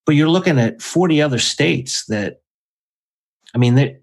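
A man's voice: on the high side, animated, normal speed, vocal fry, low-quality recording. A man, a podcast guest, explaining his views emphatically in casual chat.

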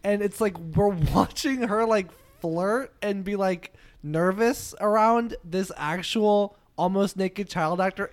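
A young man co-hosting a casual podcast, chatting about a film, animated and laughing often with rambling restarts. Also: high-pitched, slow pace, few pauses. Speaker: podcast co-host. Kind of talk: casual chat reviewing a film.

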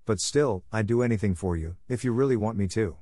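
A man's voice: on the low side, a little fast, mellow, no room sound, studio quality, lightly acted. A man voicing an imaginative, talkative young orphan girl in a storybook reading, speaking in a dramatic, effusive and earnest way.

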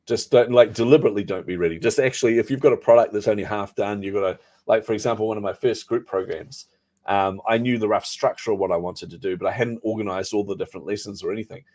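A man being interviewed as a startup founder, telling stories in a lively way and acting out the people he quotes. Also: fairly low pitch, fast. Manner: animated storyteller, acts out quoted dialogue. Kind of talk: casual interview storytelling.

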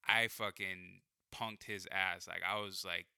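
A man's voice: sits low, steady tone, unhurried, gravelly, bright, forceful tone, smooth, no echo, studio quality. A young man telling a personal story in casual chat, rambling, full of fillers and swearing.

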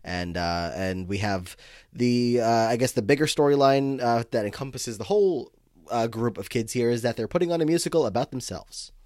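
A man's voice: medium pitch, normal speed, a little mellow, no echo, clean studio sound. A man co-hosting a podcast, casually recapping a film with lots of fillers. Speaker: podcast co-host.

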